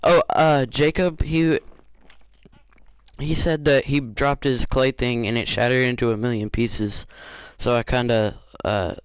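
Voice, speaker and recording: A man's voice: medium pitch, steady tone, normal speed, hardly any pauses, clean tone, no echo. A man hosting a channel, telling a casual storytime with rambling, filler-heavy talk. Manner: rambling, with many fillers and restarts. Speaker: gaming channel host.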